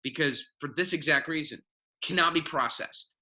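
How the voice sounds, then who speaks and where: A man talking as a guest mentor on a video call, animated and self-mocking, acting out quoted voices. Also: on the high side, moderate pace, low-quality recording. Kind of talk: casual video call chat.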